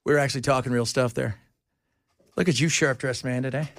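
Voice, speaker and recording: A man hosting a talk radio show, joking around in casual banter with a playful, animated manner. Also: mid-range voice, brisk, no echo. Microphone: studio microphone.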